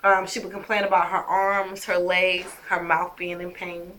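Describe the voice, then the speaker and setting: Woman vlogger with a bright, pointed voice, addressing her viewers emphatically and with indignation. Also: lowish voice, monotone, normal speed, a little hiss or hum. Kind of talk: personal storytelling to camera.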